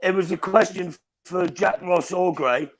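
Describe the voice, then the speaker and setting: A man's voice: high-pitched, measured pace, crowd noise, low-quality recording. An English man joining a fan stream as a guest, teasing the hosts and telling stories. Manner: cheeky, teasing, storytelling. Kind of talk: casual live-stream banter.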